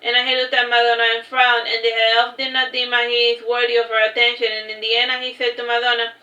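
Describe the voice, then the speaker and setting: A woman's voice: fairly high pitch, completely flat delivery, fast, sharp tone, echoey room, highs cut off. A woman reading her own novel aloud in a casual way, breaking off with chatty asides and restarting lines. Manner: loose, with restarts and chatty side remarks.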